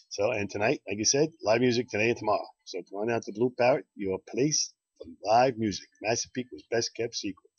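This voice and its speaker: A man's voice: lowish voice, husky, no room sound. A man hosting a bar's promo video, plugging events in a repetitive, folksy patter. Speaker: bar host promoting events. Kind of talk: casual promo talk and joke telling. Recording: dull lo-fi dry sound.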